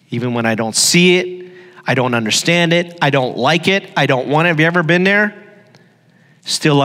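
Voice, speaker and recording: A man's voice: medium pitch, a bit bright. Middle-aged male pastor, storytelling sermon with emphatic repetition, reverberant church hall.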